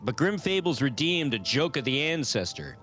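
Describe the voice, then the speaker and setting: A man co-hosting a live stream in casual chat, a little congested and raspy from a cold, easygoing and joking. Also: medium pitch, big pitch swings, moderate pace, bright, forceful tone, faint music behind. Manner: easygoing, playful, tells dad jokes. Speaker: co-host of a live-streamed tavern show.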